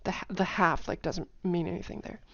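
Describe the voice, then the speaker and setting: A woman casually explaining tone patterns in a lesson, talking in a chatty way with lots of fillers and humming or singing syllables to show pitch. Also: brisk, a bit bright, no echo, muffled recording. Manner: chatty, many fillers, hums and sings tone patterns. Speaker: language teacher.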